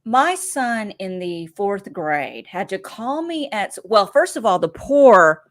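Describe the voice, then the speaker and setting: A middle-aged woman recaps a show in a loose, casual chat. She tells stories with animated energy and acts out other people's lines. Her voice is close and dry, with no room sound. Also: mid-range voice, slow pace, dry recording. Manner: animated storytelling, swears freely, acts out quotes. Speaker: podcast co-host.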